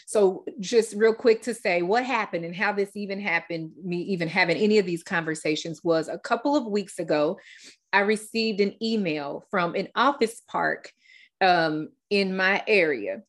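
A woman's voice: medium pitch, normal speed. A woman hosting a faith-based podcast, telling her story with heartfelt repetition and fillers. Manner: heartfelt testimony, repeats words, fillers. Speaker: podcast host.

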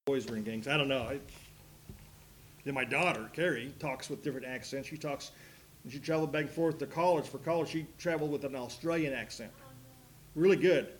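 A man's voice: mid-range voice, a little fast, pauses often, a little hiss or hum. Folksy American man leading Bible study. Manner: chatty, folksy storytelling. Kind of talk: casual Bible study talk.

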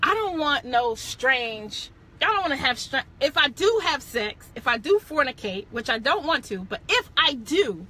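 A woman's voice: sits high, very animated, normal speed, pushed and bright. A young woman hosting a podcast, telling a candid faith testimony in a casual chat, laughing often and stopping to correct and backtrack. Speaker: podcast host.

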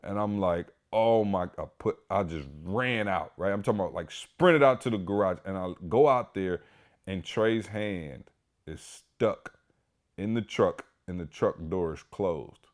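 A man hosting a podcast, telling a story in a casual, animated way, emphatic and full of "like" and "y'all". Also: low voice, a little slow. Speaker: podcast host.

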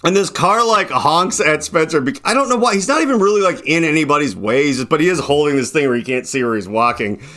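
A man hosting a podcast, telling a rambling, profane story in casual chat and loudly acting out the people in it. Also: a little high, fast, hardly any pauses. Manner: animated, profane, acts out quoted people in loud bursts. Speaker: podcast host. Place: indoors, podcast recording.

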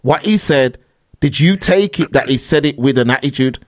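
Male streamer, high-pitched, animated reaction commentary. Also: moderate pace. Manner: animated, talks to the chat. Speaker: stream host reacting to a clip.

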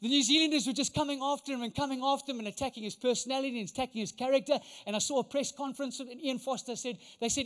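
Male preacher, lively storytelling sermon, high pitch, long hall reverb. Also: racing, hardly any pauses. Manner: animated, conversational, acts out voices. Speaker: pastor.

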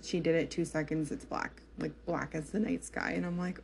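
A woman's voice: deep voice, normal speed, vocal fry, slight background noise. A young woman telling a personal story to her viewers in a chatty, candid way, with lots of fillers and laughter. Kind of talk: casual storytelling to camera.

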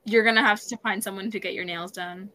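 A young woman co-hosting a podcast in casual chat, excitable and emphatic. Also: mid-range voice, fast, no echo, rough recording. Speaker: podcast co-host.

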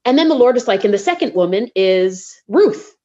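Expressive woman podcast host, slightly muffled. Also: mid-range voice, normal speed. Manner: warm expressive storytelling with quotes; uses y'all. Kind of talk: faith podcast Bible teaching. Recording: slightly dull lo-fi sound.

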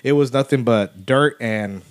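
A man's voice: medium pitch, measured pace. A man from Houston telling stories on a casual podcast, laid-back and swearing freely with lots of fillers. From Houston, Texas. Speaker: podcast host. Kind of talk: casual storytelling chat.

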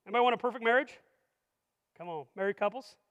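An energetic male preacher with a very high voice, firing rhetorical questions at his congregation. His sermon rings out through a large church sanctuary with a long, hanging reverb. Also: fast talker, muffled recording. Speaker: pastor.

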